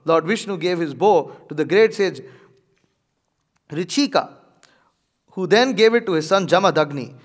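A man reading a religious scripture aloud and pausing to comment, measured and a little hesitant in his asides. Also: high-pitched, expressive, long reverb tail. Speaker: religious teacher.

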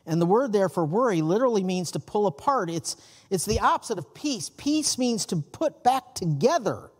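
A man preaching in a church, his pitch rising and falling a great deal as he tells folksy stories. The sound has a long, hall-like reverb. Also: sing-song, normal speed, breathy edge. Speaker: pastor. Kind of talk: sermon. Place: church sanctuary.

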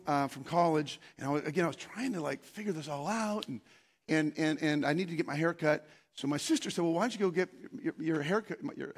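A man preaching a sermon, telling a rambling personal story with many restarts and bursts of loud excitement. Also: high-pitched, slightly rough. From Scandinavian heritage, Norwegian. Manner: breaks into loud, excited shouting when acting out scenes. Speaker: pastor.

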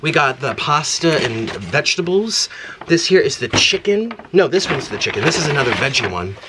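A man chats to his viewers in a slightly high voice, gushing and excitable as he shows off what he has. There is noticeable background noise behind him. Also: normal speed. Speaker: mukbang host. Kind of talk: casual vlog chat while unboxing and eating.

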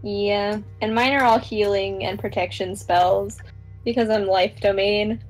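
Slow-talking, laughing woman gamer. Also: mid-range voice, steady tone, faint music behind, poor audio. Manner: rambling, laughs often, swears. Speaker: tabletop game player. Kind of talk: casual chat.

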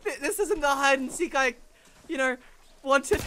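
A woman giving excitable, frantic gameplay commentary, often breaking into laughs. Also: high voice, a little slow, very noisy. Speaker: gaming video creator. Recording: gunfire and game sounds behind voice. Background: game gunfire and effects.

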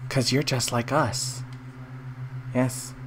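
A woman reading out a sinister gloating villain of the deep sea in a lowered, mocking voice. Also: steady tone, slow pace, noisy background. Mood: smug.

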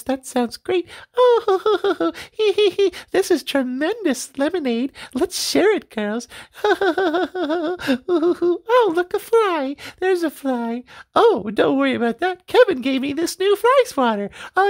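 Squeaky giggly eighties housewives, prim and gossipy, voice jumping all over. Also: female voice, darkish tone. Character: gossiping shrill 1980s housewives.

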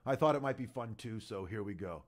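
A man's voice: fairly low pitch, lively intonation, brisk. A man, a voiceover artist, introducing a showreel of his impressions in a friendly manner.

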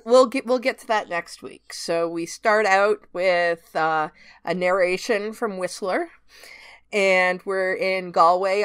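A woman co-hosting a podcast in casual chat, leading the recap with relaxed fillers and frequent laughs. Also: mid-range voice, smooth. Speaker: podcast co-host.

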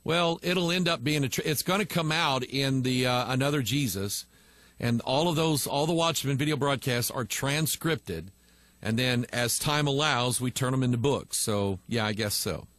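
A man's voice: mid-range voice, moderate pace, a bit bright, no echo. A male pastor teaching online, reading viewer messages aloud and answering them bluntly and with emphasis.

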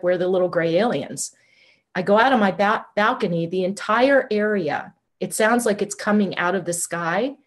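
A woman guest in an interview, telling a personal story in an animated, conversational way, often saying "like". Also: fairly low pitch. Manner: animated, conversational, uses "like" a lot. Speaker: guest, shamanic healer.

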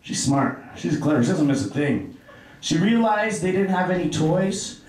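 A man's voice: fairly high pitch, animated, normal speed, a little mellow, heavy reverb, distant mic, rough recording. A young man performing a stand-up set on stage in a self-deprecating, offhand storytelling manner. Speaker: stand-up comedian. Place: comedy club stage.

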